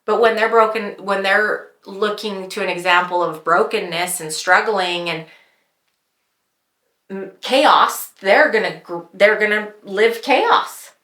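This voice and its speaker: A woman's voice: medium pitch, takes it slowly, bright, forceful tone. A woman hosting a faith podcast, speaking with emphatic conviction. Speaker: podcast host. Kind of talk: casual faith talk. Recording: roomy echo.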